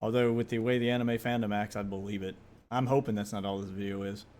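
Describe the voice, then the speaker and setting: An American man giving casual reaction commentary, blunt, sarcastic and quick to swear. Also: on the low side, steady tone, a little mellow, slight background noise. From United States.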